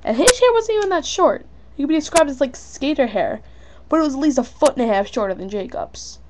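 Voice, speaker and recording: A woman's voice: sits high, expressive, fairly quick, a little mellow. A young woman reading her own story aloud in a casual, unpolished way, with fillers and small slips. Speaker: fan fiction reader.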